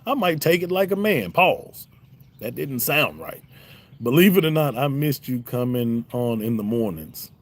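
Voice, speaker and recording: A man's voice: mid-range voice, sing-song, unhurried. A middle-aged man with a Southern drawl, hosting a casual livestream and joking back at his chat in a laid-back way. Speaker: YouTube host reading live chat. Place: home, smoking a cigar on a livestream.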